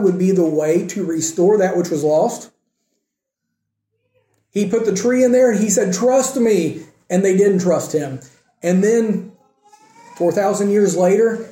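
High-pitched preacher man, echoey church. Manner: rhetorical questions, swings from emphatic to hushed. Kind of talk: sermon. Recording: echoey room.

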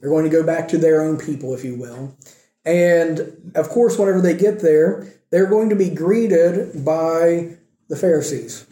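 Speaking unhurriedly in a warm, slightly high voice, a man preaches a conversational sermon in a church sanctuary, reading scripture and engaging the congregation along the way. Echo from the room fills the recording.

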